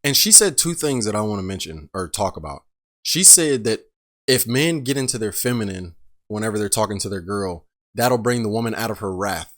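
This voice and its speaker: A man's voice: fairly low pitch, lively intonation, brisk, fairly bright tone. A man hosting a reaction show, giving blunt commentary full of rhetorical questions. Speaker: reaction host. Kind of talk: casual commentary on a clip.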